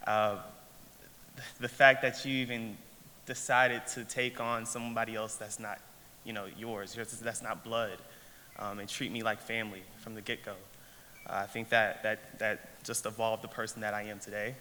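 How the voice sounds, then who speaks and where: Bright young man, choked up at the podium. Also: fairly low pitch, flat delivery. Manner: halting, with many restarts and fillers. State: choked up with emotion. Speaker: award recipient. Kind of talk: emotional acceptance speech. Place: large event hall. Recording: long hall reverb, faint noise.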